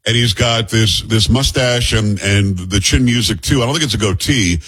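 Blunt husky male political host. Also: fairly low pitch, normal speed, a bit bright. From New York area. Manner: blunt, scornful, conversational. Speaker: talk show host. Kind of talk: political commentary.

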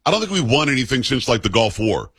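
A man's voice: mid-range voice, very animated, fast talker, a bit bright, slightly rough, no room sound. A man hosting a radio talk show, arguing his opinions emphatically and repeating himself as he builds a point.

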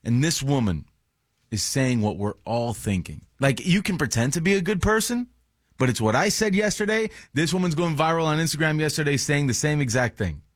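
A man's voice: a little high, expressive, brisk, dry recording, clean studio sound. A man co-hosting a radio show, blunt, opinionated and teasing in casual chat.

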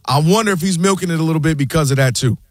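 A man hosting a sports debate show, talking in an animated, argumentative way. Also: a little high, racing, no room sound. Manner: animated, argumentative, quotes people in put-on voices. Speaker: sports talk show host.

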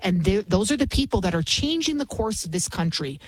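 A woman's voice: mid-range voice, very animated, a little fast, slightly rough, no room sound, rough recording. A woman in her forties hosting a talk radio show, ranting with heated indignation. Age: 40s. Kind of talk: opinionated talk radio monologue.

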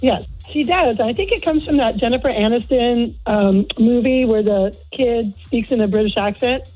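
A woman's voice: a little high, moderate pace, dark tone, breathy edge, no echo, faint music behind, low-quality recording. A middle-aged woman calling in to a radio show, chatty and amused. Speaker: caller. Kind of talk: phone-in chat.

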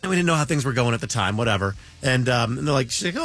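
Husky lawyer telling a story. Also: male voice, medium pitch, expressive, rapid-fire, a bit bright, faint music behind. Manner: self-deprecating storyteller with stammering restarts. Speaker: lawyer guest. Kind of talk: casual radio chat.

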